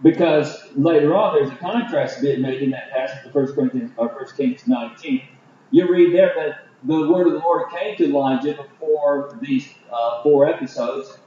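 A man's voice: on the high side, warm tone, slight background noise. Man preaching from far off in a roomy hall. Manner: halting, many fillers and restarts. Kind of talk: Bible study sermon. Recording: distant, roomy, dull lo-fi.

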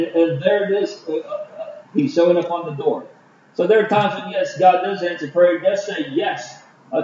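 A man preaching a Bible study sermon, halting with many fillers and restarts. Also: high voice, mellow, slight background noise. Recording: distant, roomy, dull lo-fi.

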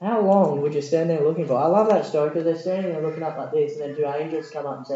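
An animated male preacher, his voice mellow and dark. He swings from loud, rising exclamations down to hushed asides. The recording is dull and roomy, full of echo. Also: on the high side, fast talker, hardly any pauses, a little hiss or hum. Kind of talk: sermon. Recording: dull echoey room recording.

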